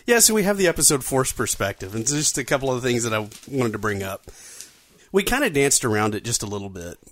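A man's voice: medium pitch, very animated, fast talker. A man hosting a podcast, talking casually with frequent fillers and restarts. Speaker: podcast host.

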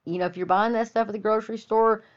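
A woman's voice: fairly high pitch, steady tone, fast. Lady host, folksy and preachy, keeps urging folks, kinda dull lo-fi sound. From Texas Panhandle. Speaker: podcast host. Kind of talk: opinionated monologue to listeners. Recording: dull lo-fi audio.

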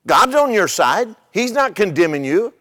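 An older man with a high-pitched voice preaches a sermon to his congregation. He keeps it chatty, stumbles and repeats his words, and slips into funny stories. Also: big pitch swings, moderate pace, pushed and bright, big-room sound. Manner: conversational, repeats words, tells humorous stories. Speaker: pastor.

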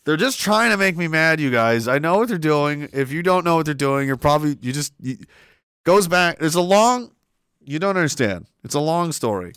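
A man's voice: on the high side, animated, moderate pace, a bit bright, clean tone, no echo, studio quality. A man streaming casually, reading chat aloud and rambling sarcastically with lots of fillers. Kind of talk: casual live-stream commentary.

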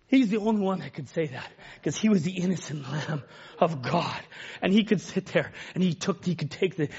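A male preacher delivering an emotional sermon, swinging from loud exclamations to hushed near-whispers. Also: high voice, big pitch swings, brisk, slightly rough, muffled recording.

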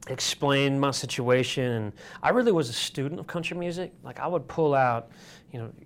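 A man's voice: mid-range voice, expressive, moderate pace. A man from Michigan telling stories as an interview guest, rambling with fillers and restarts. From Michigan, USA. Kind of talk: casual storytelling.

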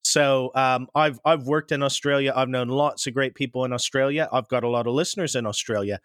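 A man from New Zealand, speaking with a Kiwi accent, rambles through anecdotes as a guest in a casual interview, restarting often. His mid-range voice is fairly bright and fairly quick with fairly even intonation, captured in a dry, studio-quality recording.

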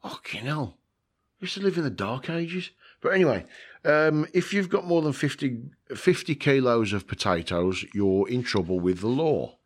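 A man's voice: mid-range voice, lively intonation, normal speed. A man, chatting casually in a rambling way, with chuckles, swearing and lots of fillers. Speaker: vlogger. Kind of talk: casual chat.

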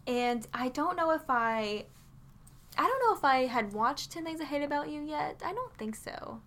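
Woman co-host, chatty storyteller, slightly raised pitch, casual podcast talk. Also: expressive, moderate pace, a bit bright. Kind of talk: casual chat.

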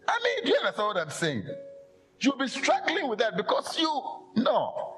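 A man preaching a lively sermon, acting out quoted voices and laughing often. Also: very high voice, moderate pace, faint music behind.

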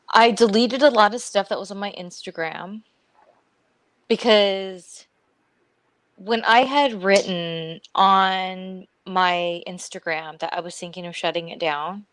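A woman's voice: mid-range voice, slow, long pauses, fairly bright tone, no room sound. A woman co-hosting a podcast, telling a long story in casual chat, acting out what people said and laughing often. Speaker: podcast co-host.

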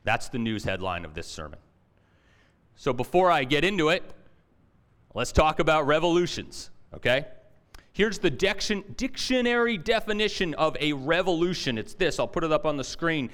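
Pastor, male: casual, chatty sermon delivery, soft and slow when he prays. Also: a little high, sing-song. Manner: conversational, with fillers and restarts; hushed and slow in prayer.

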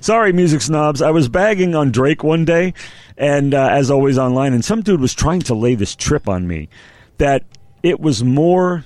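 Animated, joking male podcast co-host. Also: a little high, normal speed, no room sound. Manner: joking, meandering, lots of fillers. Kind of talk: casual chat.

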